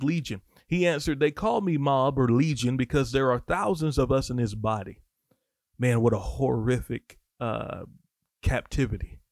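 A man teaching the Bible on a podcast in sermon style, reading scripture and breaking off into lively, casual asides. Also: mid-range voice, no room sound, studio quality.

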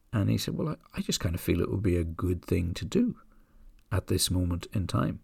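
Low, gravelly man telling a story. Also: sing-song, no room sound, clean studio sound. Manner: gentle, unhurried storytelling with soft asides. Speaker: podcast host. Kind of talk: reflective storytelling talk.

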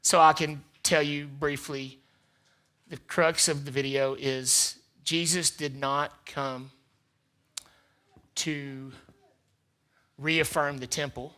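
A man preaching a sermon as pastor, repeating phrases for emphasis and swinging between loud emphatic peaks and quiet asides. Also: on the high side, fairly even intonation, slow, long pauses. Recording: live church service.

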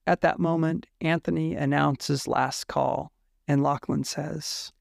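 Gravelly man reading a story. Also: on the high side, steady tone, slow, no echo, studio quality. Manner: emotional, candid narration with swearing. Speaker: fiction reader. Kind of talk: first-person story reading.

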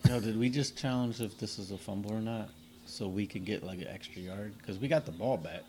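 A man's voice: on the low side, brisk, a little mellow. A man co-hosting a casual podcast chat, giving emphatic opinions and commenting on a game on the side. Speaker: podcast co-host.

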